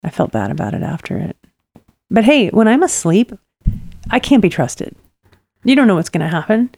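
A woman's voice: mid-range voice, big pitch swings, moderate pace, gravelly, a little mellow, no echo. A woman in her fifties co-hosting a podcast in casual chat, laughing often and swearing freely. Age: 50s. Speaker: podcast co-host.

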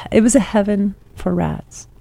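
A woman co-hosting a podcast, telling an animated story in casual chat and swearing freely. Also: mid-range voice, a little slow, gravelly, no echo. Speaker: podcast co-host.

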